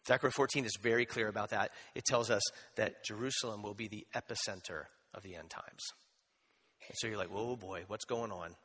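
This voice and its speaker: A man's voice: fairly low pitch, fairly quick, husky. Preaching man in a reverberant hall. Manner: conversational, animated preaching with asides and humor. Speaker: pastor. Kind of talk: sermon.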